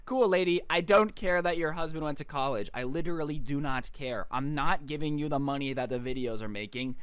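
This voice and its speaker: A man's voice: fairly high pitch, fairly quick, few pauses, fairly bright tone, clear, resonant tone, no room sound. A man in his twenties telling a story in a casual, exasperated and sarcastic rant at his computer. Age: 20s. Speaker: storyteller vlogger.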